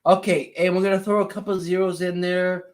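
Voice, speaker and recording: A man co-hosting a casual livestream who answers briefly and teases with a dry sense of humor. His voice sits a little on the high side. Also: flat delivery, a little fast. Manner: brief, dry replies, teasing. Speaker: co-host.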